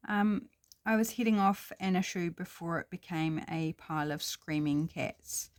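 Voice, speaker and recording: Working on a craft, this middle-aged crafting vlogger from New Zealand talks to her audience in an easy, chatty, unhurried way. Her voice is fairly low for a woman, and she thinks out loud like someone making a home video.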